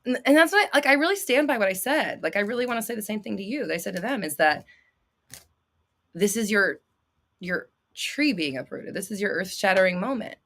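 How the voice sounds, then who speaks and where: Bright-voiced woman hosting a blunt livestream. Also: mid-range voice, lively intonation, brisk. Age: 30s. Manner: blunt, swearing, laughing, dramatic outbursts. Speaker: host. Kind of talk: livestream chat answering viewers.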